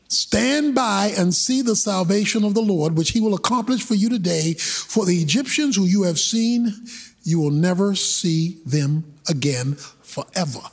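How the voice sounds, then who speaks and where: A man preaches with a high, husky voice. He talks slowly and deliberately, with colloquial asides and sudden shouted bursts. His pitch swings widely as he drives each point home. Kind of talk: sermon.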